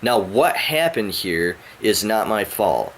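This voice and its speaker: A man's voice: sing-song, takes it slowly, a bit bright, slight background noise. Profane ranting young-sounding man. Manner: profane, rambling, confrontational, with a rising pitch when worked up. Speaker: vlogger. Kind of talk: angry rant to the camera. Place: at home indoors.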